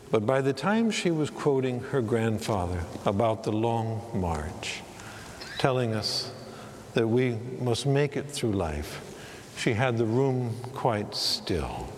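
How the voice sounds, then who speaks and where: A man preaching a sermon, telling a story in a slow, reflective way. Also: lowish voice, in a large hall, slight background noise.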